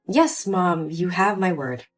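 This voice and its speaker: A woman's voice: fairly low pitch, takes it slowly, soft background music, pitched below the performer's own voice. A woman voicing an upset young adult daughter in a dramatized story, pleading and indignant. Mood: cheerful. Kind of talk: scripted story voice acting.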